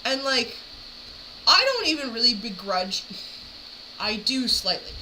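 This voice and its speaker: A woman's voice: fairly high pitch, very animated, unhurried, pushed and bright, slight background noise, poor audio. A woman talking casually while reacting to a video, rambling with frequent fillers. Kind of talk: casual chat.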